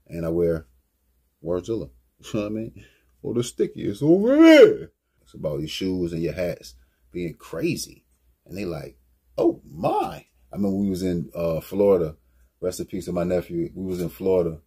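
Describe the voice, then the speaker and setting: Male rapper, mellow and deep-toned, raspy voice, casual slangy album commentary. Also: steady tone, brisk. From Virginia, US. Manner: laid-back, slangy, rambling. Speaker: rapper and brand owner.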